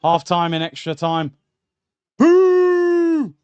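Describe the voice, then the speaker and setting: A young man, voice sitting a bit high, streaming a live football watchalong. He reacts indignantly and talks straight to his viewers, calling them lads and bro. The voice is close and clear on a streaming mic. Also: lively intonation, normal speed, dull audio. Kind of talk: live match watchalong commentary.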